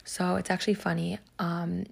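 A woman's voice: on the low side, little pitch movement, moderate pace, vocal fry, breathy edge. A woman hosting a podcast lesson, telling a story in a chatty, casual way full of "like" and "um.". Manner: chatty, filler-heavy, lots of "like" and "um". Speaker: podcast host teaching Psalms.

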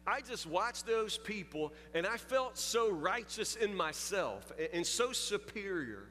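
A man's voice: sits high, big pitch swings, a little slow, sharp tone, a little hiss or hum. A man preaching a sermon, telling a story in a confessional, building way. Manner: storytelling, confessional, rising intensity. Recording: long hall reverb with faint music.

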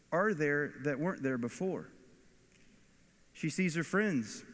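A pastor giving an earnest, storytelling sermon that rises to emphatic points. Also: male voice, on the high side. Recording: long hall reverb.

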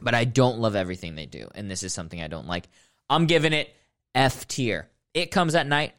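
A film-ranking podcast host, brisk and a bit bright with a lowish voice that swings widely in pitch, goes on a sarcastic, mock-serious comedic rant. It rambles and bursts into sudden outbursts.

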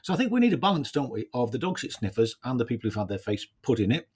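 A man's voice: mid-range voice, sing-song, fast talker, slightly rough. A man hosting a casual solo podcast, thinking aloud in a reflective way and often adding tag questions. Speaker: podcast host.

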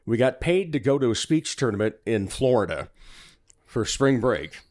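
A man, a radio guest, telling a long joke in casual studio chat, with quick spelling patter and frequent laughs. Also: mid-range voice, dry recording. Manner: animated storyteller, rapid spelling patter, laughs often. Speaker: guest performer and podcaster. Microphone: studio microphone.

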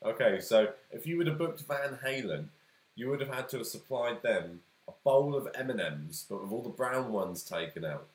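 An English man co-hosting a casual chat, swearing freely and laughing often in lively banter. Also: mid-range voice, normal speed. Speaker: podcast co-host. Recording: roomy echo.

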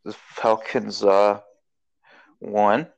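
Slow low-voiced guy w/ a gravelly voice, casual football picks chat, lots of ums. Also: little pitch movement, muffled recording. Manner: slow, hesitant, many fillers and restarts. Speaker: co-host making football picks.

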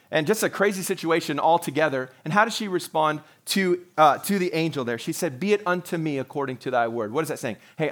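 A man's voice: a little high, fairly bright tone. A middle-aged man preaching a sermon, talking conversationally and acting out quotes in little voices. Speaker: pastor.

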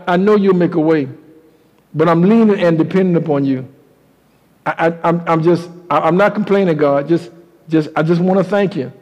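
A worn-out, tearful mother pleads in prayer, stammering and hushed, her voice pitched well below the preacher's usual ring, as a man puts her on. Long hall reverb trails every halting phrase. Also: smooth, lightly acted. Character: poor praying mother, weary and tearful.

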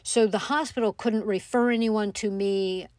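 A middle-aged woman telling a personal story in a reflective, halting way, with many pauses and fillers. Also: medium pitch, steady tone, a little mellow, no room sound. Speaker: mother telling her story.

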